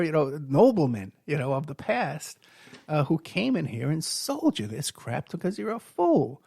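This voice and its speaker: A man's voice: fairly high pitch, big pitch swings, normal speed, vocal fry, no echo, clean studio sound. A middle-aged man, hosting a radio show and telling rambling stories with lots of fillers and restarts. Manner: storytelling with many fillers and restarts. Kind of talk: rambling monologue.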